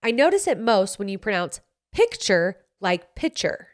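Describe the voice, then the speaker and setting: A woman's voice: medium pitch, sing-song, moderate pace. Blunt, sassy woman with a Utah accent. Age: 20s. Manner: blunt, sassy, swears freely. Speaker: podcast host. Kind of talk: casual advice chat.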